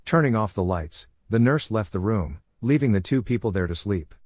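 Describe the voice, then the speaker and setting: A man narrating a fan-fiction story as an audiobook in a steady, even reading. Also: lowish voice, moderate pace, no room sound, studio quality.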